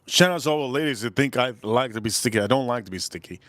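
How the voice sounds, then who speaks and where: A man's voice: medium pitch, expressive, fast, a bit bright, no room sound. A man from Miami rambling crudely and joking while eating on a live stream. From Miami, Florida. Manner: rambling, crude, joking, talks with food in mouth. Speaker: livestream food reviewer.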